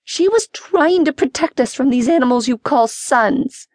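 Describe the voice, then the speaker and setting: Brief: woman voicing an enraged teen girl in a storybook, high and shrill. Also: expressive, measured pace, darkish tone, dry recording. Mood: furious. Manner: shrill, furious. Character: furious teenage girl, defiant and shrieking.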